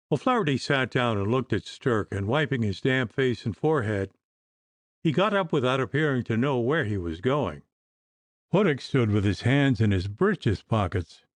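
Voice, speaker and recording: Man reading an old novel aloud, lively up-and-down delivery, dry close sound. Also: mid-range voice, no room sound. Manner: expressive storytelling reading. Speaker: audiobook narrator. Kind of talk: scripted narration.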